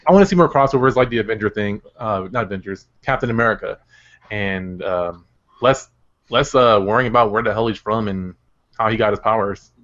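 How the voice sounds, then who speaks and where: A man's voice: on the low side, a little fast, a bit bright, lo-fi sound. A man co-hosting a casual podcast chat, rambling and hesitant with many fillers. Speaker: podcast co-host.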